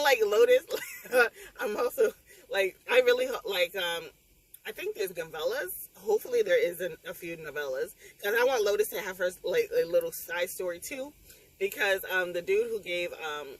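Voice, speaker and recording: A young woman vlogging, chatting excitedly and emotionally about a book she just read, talking straight to her viewers. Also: mid-range voice, low-quality recording. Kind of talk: casual chat.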